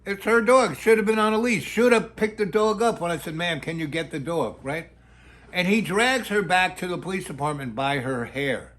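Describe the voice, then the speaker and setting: A man's voice: high-pitched, lively intonation, normal speed, a bit bright. A middle-aged man telling a long story in a rambling way, full of fillers and restarts.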